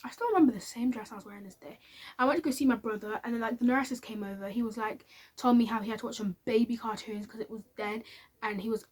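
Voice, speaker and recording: Brief: woman, chatty storytime vlogger, quick delivery, slightly high voice. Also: darkish tone. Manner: chatty and candid, with many fillers. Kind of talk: casual storytime monologue.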